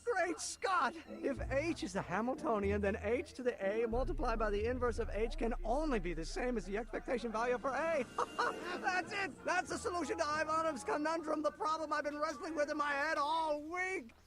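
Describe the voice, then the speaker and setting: A man voicing a high-strung, eager young male inventor in a video game, speaking in a frantic, exclamatory way. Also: animated, a little fast. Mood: excited. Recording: game audio with music behind.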